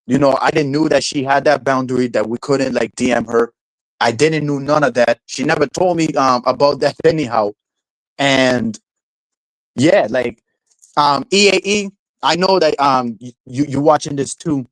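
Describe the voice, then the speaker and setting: A man with a slightly high voice rants on a livestream, wandering from point to point, repeating words, and relying on "like" and "you know" as he swears casually and laughs often. The recording is rough, with no room sound.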